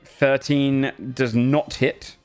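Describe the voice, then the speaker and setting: A man, running a tabletop role-playing game as game master and calling out rolls and damage in a brisk way. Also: mid-range voice, level tone, clear, resonant tone, soft background music. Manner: brisk, rules-focused calls.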